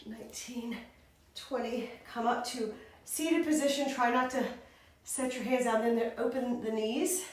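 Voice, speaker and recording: Winded woman counting reps in a workout, slow talker, really echoey room, kinda far from the mic. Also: a little high, steady tone. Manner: counts reps and cues moves, often breathless. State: out of breath. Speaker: fitness instructor. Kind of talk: workout instruction.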